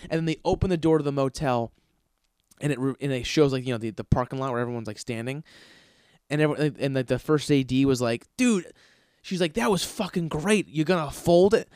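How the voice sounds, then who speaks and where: A man hosts his show with a loose, rambling storytelling style, swearing freely and tripping over fillers as he acts out bits of dialogue. His voice sits at an ordinary middle pitch and is recorded close and dry, with no room sound around it. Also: quick pace, darkish tone, clear, resonant tone, no echo. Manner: profane, rambling, filler-heavy. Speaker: podcast host. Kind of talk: casual storytelling monologue.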